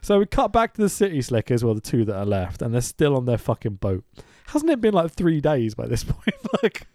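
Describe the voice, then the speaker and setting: A man hosting a casual podcast, recapping a film in an animated, sweary rant full of laughs. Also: medium pitch, fairly quick, no room sound, clean studio sound. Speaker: podcast host.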